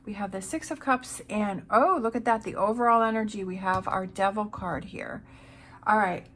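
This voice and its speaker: A woman giving a tarot reading in a casual, encouraging way. She talks slowly and repeats her reassurances. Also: medium pitch, fairly bright tone. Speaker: tarot reader.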